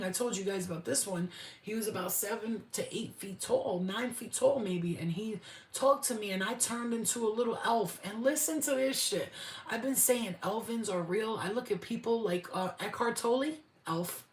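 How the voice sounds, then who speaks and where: A woman chatting casually on a spiritual livestream, excitable and slangy, swearing freely. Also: mid-range voice, reverberant, low-quality recording.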